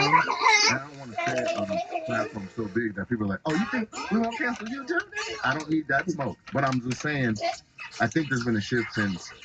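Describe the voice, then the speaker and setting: A young adult man from the Pacific Northwest, a stand-up comedian telling stories in a casual interview, acting out voices and laughing a lot. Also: fairly low pitch. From Tacoma, Washington. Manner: animated storyteller who acts out voices and laughs a lot.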